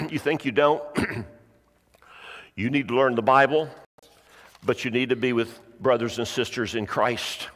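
A middle-aged man preaching a sermon, urging his listeners with repeated phrases and the odd clearing of his throat. His mid-pitched voice rings out in a church sanctuary with a long, trailing reverb. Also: unhurried, pauses often, a bit bright. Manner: earnest, repetitive exhortation with frequent throat clearing. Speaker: pastor.

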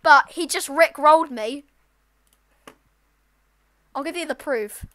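A woman giving casual, excitable let's-play commentary with sudden loud outbursts. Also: sits high, slow pace. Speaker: gaming channel host.

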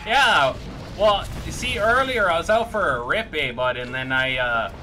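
A man's voice: fairly high pitch, moderate pace, sharp tone, soft background music, pitched above the performer's own voice. A Canadian man putting on an exaggerated, folksy Canadian hoser voice, overplaying it for fun. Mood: joking.

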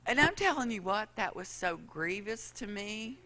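A woman's voice: mid-range voice, sing-song, moderate pace, sharp tone, slight background noise. A middle-aged woman preaching a sermon, telling folksy stories and acting out what people said. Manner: folksy storytelling, acts out quotes.

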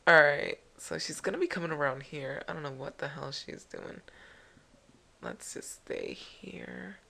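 Chatty woman with an animated, low voice. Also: a little slow, vocal fry. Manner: chatty, jokey, rambling. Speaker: let's play host. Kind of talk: casual gameplay commentary.

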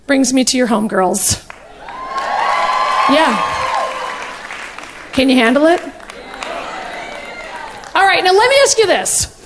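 A woman's voice: sits high, vocal fry, fairly bright tone, slight background noise. A woman in her forties doing brash, gossipy, profane stand-up comedy on a stage mic.

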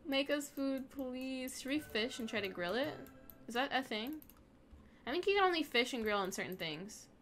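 Young woman gamer host, talks back at characters, fairly high voice, casual commentary. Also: lively intonation, normal speed, fairly bright tone, soft background music. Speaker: gaming video host. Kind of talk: casual let's-play commentary.

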